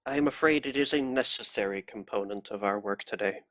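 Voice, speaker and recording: A man voicing a cold, formal inquisitor in a tabletop game, calm and menacing. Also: fairly low pitch, fairly quick, no room sound, voice pushed down, natural voice. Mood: coldly polite. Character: cold, polite male inquisitor.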